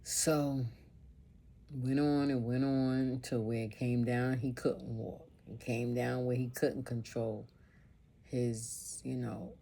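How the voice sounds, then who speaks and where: A woman's voice: very deep voice, little pitch movement, takes it slowly, warm tone. A woman vlogger telling a personal story in an emotional monologue, earnest and informal, piling up repeated phrases.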